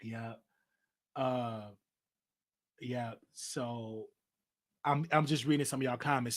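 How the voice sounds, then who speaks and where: A man's voice: medium pitch, fairly even intonation, slow pace, pauses often. A man hosting his own live talk show, speaking candidly about family, with frequent restarts and a Southern US accent. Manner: candid personal venting, many restarts. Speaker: show host. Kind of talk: livestream talk show monologue.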